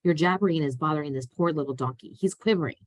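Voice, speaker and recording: A woman reading aloud voices a soft-spoken, elegant young girl with a gentle manner. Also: deep voice, quick pace, no echo.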